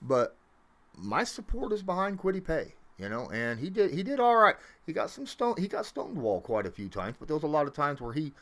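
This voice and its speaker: A man hosting a casual livestream from his home, rambling with lots of fillers and swinging up and down in pitch and loudness. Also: sing-song, fairly quick. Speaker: livestream host.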